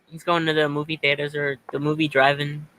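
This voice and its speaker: Bright voice, playful, keeps mimicking the others. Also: mid-range voice, level tone, a little fast, a little hiss or hum, rough recording. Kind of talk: casual chat.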